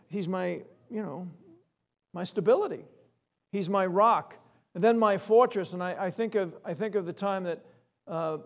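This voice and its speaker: A middle-aged man from Long Island giving a sermon, reading scripture slowly and emphatically and reflecting in a personal way. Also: high voice, creaky. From Long Island, New York. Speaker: preacher.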